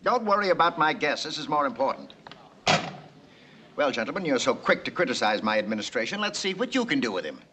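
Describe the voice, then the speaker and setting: An actor playing a pompous, blustering city mayor in a 1960s film. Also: male voice, medium pitch, big pitch swings, fast, very noisy, close to an everyday voice.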